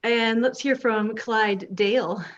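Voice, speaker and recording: Woman game master, easygoing, slow, higher pitch, dull lo-fi recording. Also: fairly even intonation. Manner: easygoing, prompting players. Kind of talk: casual game narration.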